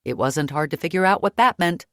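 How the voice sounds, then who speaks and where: Low-voiced woman audiobook narrator. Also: brisk, no echo, studio quality. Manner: lively, raising pitch for her own character's dialogue. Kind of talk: first-person audiobook narration.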